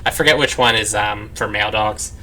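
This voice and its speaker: A man's voice: lowish voice, a little fast, bright, forceful tone. A man hosting a let's play, chatting casually at his parents' home in a rambling way full of "like" fillers. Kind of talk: casual gameplay commentary. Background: dogs barking nearby.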